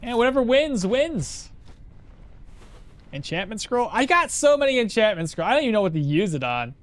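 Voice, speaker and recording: Streaming a game live, a man with a high-pitched, sing-song voice chats casually at normal speed and responds to his chat while playing.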